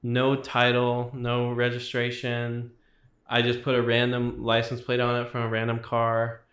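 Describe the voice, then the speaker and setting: A man's voice: medium pitch, monotone, a little slow, a bit bright, reverberant. A young man sharing his personal testimony as a guest, talking casually with lots of fillers. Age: young adult. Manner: casual, filler-heavy storytelling with many likes.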